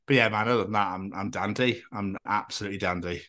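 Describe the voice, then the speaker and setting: A man's voice: fairly low pitch, quick pace. Chatty, sweary male podcast co-host. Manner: chatty, sweary, animated storytelling. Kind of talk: casual chat.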